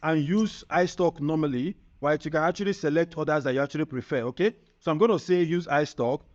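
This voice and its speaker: A man presenting a screen-recorded software tutorial, upbeat and chatty, often checking in with the viewer. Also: fairly high pitch, fairly quick. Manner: upbeat, chatty, keeps asking "right?". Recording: muffled lo-fi sound.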